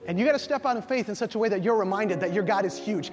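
A man's voice: sits high, racing. A man preaching a sermon to a congregation, calling for responses and acting out little scenes of dialogue. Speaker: pastor. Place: church sanctuary. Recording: long hall reverb with faint music.

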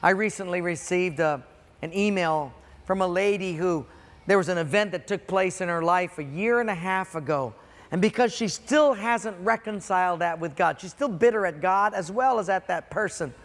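A man preaching a sermon to a congregation, dramatic, swinging between loud emphasis and quiet, drawn-out words. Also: high voice. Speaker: pastor. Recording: long hall reverb.

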